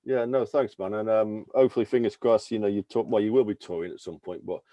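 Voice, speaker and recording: A man's voice: lowish voice, steady tone, fast, warm tone, dry recording. A man interviewing a musician over a video call, friendly and casual with lots of restarts. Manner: friendly, stumbling restarts, "mate" and "dude".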